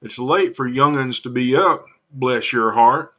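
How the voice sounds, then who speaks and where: Folksy Southern Santa with a slow drawl, a man doing the voice in a read-aloud story. Bright tone. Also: medium pitch. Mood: cheerful.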